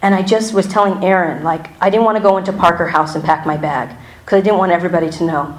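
A woman's voice: lowish voice, fairly even intonation, fast. A woman speaking candidly to a congregation about her faith and her own experience, talking in a loose conversational way with plenty of fillers, restarts and wry asides. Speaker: church member giving a testimony. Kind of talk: personal testimony to a congregation. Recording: roomy hall echo.

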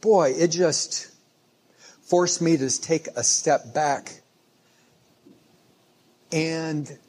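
A man's voice: a little high, fairly even intonation, very slow, darkish tone, slightly rough. A man preaching a sermon in a conversational storytelling way, often restarting phrases as he goes. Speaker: pastor.

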